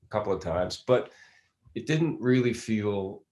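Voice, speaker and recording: A man's voice: on the low side, lively intonation, unhurried, darkish tone. A middle-aged man from Philadelphia, an actor giving a casual interview, rambling through stories with many restarts. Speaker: actor guest.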